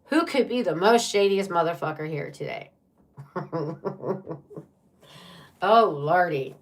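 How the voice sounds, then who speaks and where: A woman doing a tarot reading for viewers, with a fairly low voice. She talks bluntly and throws in profanity, reacting with drama to each card. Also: lively intonation, normal speed, gravelly. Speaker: tarot reader.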